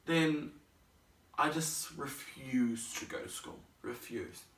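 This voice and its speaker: A young man vlogging, telling a personal story in an animated way, acting out scenes and other people's voices. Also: medium pitch, takes it slowly. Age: young adult. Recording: roomy, mic at a distance.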